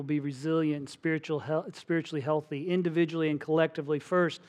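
A middle-aged pastor preaches a sermon from the pulpit, telling stories and acting out the voices of the people in them. His voice sits a little high for a man, and his delivery is animated and conversational.

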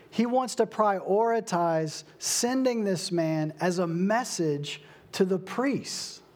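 Young guy pastor giving a sermon, high voice, takes his time, lots of dramatic pauses. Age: young adult. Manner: slow, emphatic preaching with dramatic pauses.

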